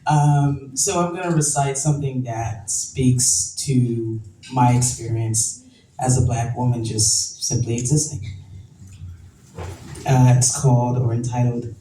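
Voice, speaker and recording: A woman's voice: a bass voice, fairly even intonation, unhurried, mellow, far from the mic. A woman performing spoken word poetry with a rhythmic, emphatic delivery and repeated refrains. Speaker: poet. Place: event venue, roomy. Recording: echoey room from afar, faint noise.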